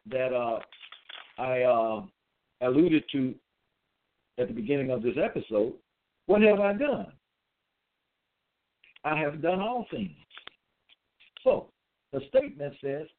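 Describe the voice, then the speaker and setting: A man delivering a slow religious monologue in an emphatic, repetitive way, spelling out letters and restarting his sentences with frequent hesitations. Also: medium pitch, animated, slight background noise. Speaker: self-styled religious teacher. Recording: tinny phone-like sound.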